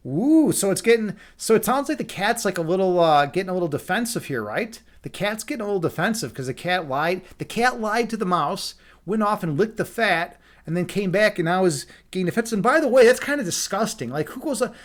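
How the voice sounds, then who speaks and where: A young man reading a fairy tale aloud on a stream, breaking off into rambling, incredulous asides. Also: high-pitched. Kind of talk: casual read-aloud with commentary.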